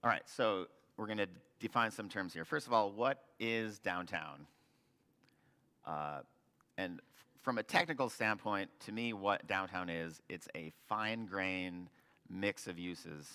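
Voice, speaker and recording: A man's voice: low voice, pushed and bright. A man, a local developer, presenting slides to an audience with earnest, restart-filled explanations. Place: meeting hall with audience. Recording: long hall reverb.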